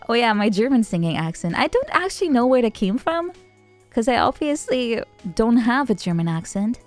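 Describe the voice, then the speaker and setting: A young adult woman streamer chatting casually with viewers, rambling and halting, with a giggly manner. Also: fairly high pitch, big pitch swings, faint music behind. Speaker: VTuber streamer. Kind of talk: casual chat answering viewer messages.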